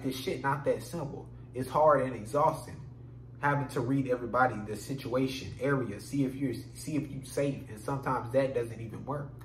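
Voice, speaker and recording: A man hosting a solo podcast, ranting in an animated, profane way, recorded in an echoey room with a faint hum. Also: medium pitch. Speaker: podcast host.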